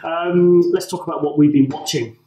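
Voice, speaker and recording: A man's voice: a little high, fairly even intonation, moderate pace, dark tone. A British man co-hosting a casual chat, teasing and rambling with frequent restarts. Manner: rambling, self-correcting, teasing. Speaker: co-host. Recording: roomy, from far off the mic.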